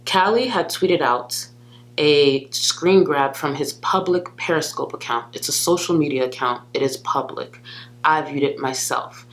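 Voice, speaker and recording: A commentary youtuber delivering a scripted call-out video, speaking firmly and accusingly and addressing the target directly. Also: mid-range voice.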